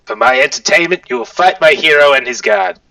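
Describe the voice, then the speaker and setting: A man voicing a pompous small lizard king in a squeaky, nasal tone, rambling through grand proclamations. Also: animated, a little fast, gravelly, sharp tone, no room sound, recorded from a distance, full character voice, rough recording. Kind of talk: tabletop game character voice.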